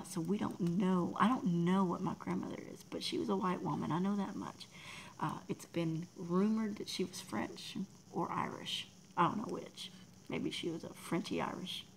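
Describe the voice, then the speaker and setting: A woman's voice: lowish voice, gravelly, a little hiss or hum, rough recording. A Texan woman from Texas chatting casually with her livestream viewers, rambling, reading the chat aloud and laughing often. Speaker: livestream artist.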